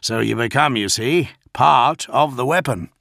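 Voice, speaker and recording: A man voicing a stern, scheming male warrior-priest in a slow, measured, menacing way. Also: medium pitch, vocal fry, fairly bright tone, no echo, clean studio sound.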